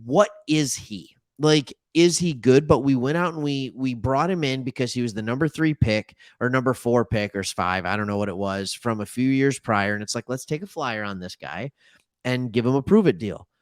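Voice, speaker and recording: A man hosting a casual sports talk show, rambling and correcting himself with animated asides. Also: medium pitch, normal speed, dry recording, studio quality. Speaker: sports podcast host.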